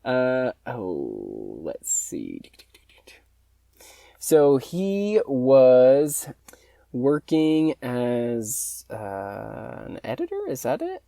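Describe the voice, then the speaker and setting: Give me a man with a dark, mellow voice, dry close sound, tentatively chatting on a podcast. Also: medium pitch, wildly swooping pitch, creaky, no room sound. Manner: tentative, unhurried. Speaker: podcast co-host. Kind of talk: casual podcast chat.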